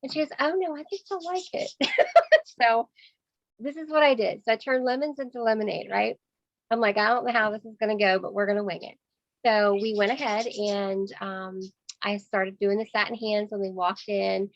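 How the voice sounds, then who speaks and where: A woman sales consultant, telling a lively story on a video call, acting out voices and laughing often. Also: medium pitch, normal speed, no room sound, lo-fi sound.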